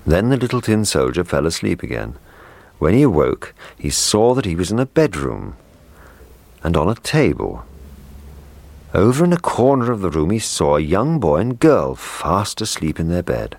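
A man reading a children's story aloud, slow, gentle and measured. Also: deep voice, big pitch swings, creaky, dry recording.

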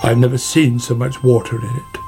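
A talkative river otter, voiced by a male storyteller, chatting and fretting in a mid-pitched, gravelly voice. He sounds neighbourly and a little anxious. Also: level tone, fairly quick, music in the background, natural voice. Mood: worried.

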